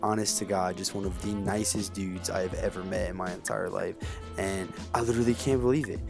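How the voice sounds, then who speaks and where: Low-voiced young man, profane gamer. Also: steady tone, fairly quick, gravelly. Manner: profane, blunt and heated. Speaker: let's play host. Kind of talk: casual gameplay commentary and storytelling. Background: game music.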